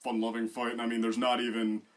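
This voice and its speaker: A man's voice: mid-range voice, monotone, fast. A man co-hosting a casual discussion, rambling with many fillers and restarts. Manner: bursts into loud acted quotes. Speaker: co-host.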